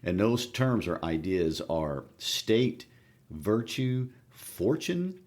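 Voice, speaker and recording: A man with a very low, deep voice co-hosts a book discussion podcast. He talks in a relaxed, unhurried way, often pausing on small fillers as he gathers his thoughts. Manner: relaxed, hesitant with frequent fillers. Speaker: podcast co-host. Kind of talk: casual literary discussion.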